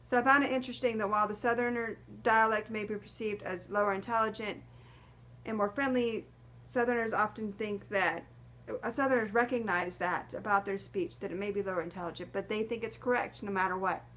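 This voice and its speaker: A young adult woman presenting as a student, reading a prepared class presentation in a steady, careful way. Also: mid-range voice, fairly quick. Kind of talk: read-aloud class presentation.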